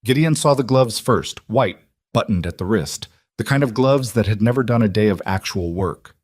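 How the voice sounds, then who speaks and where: A male narrator reads a scripted story in a low, even voice. His delivery is steady and unhurried. The recording is close-miked and dry, with no room sound. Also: dry recording.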